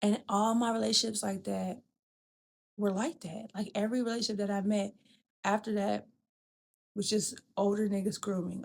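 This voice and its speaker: A woman's voice: medium pitch, vocal fry, slight background noise. Frank, profane woman telling a story. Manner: frank and profane, addresses listener as "girl" and "bitch"; animated, acts out quoted people. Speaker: podcast host. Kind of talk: candid storytelling chat.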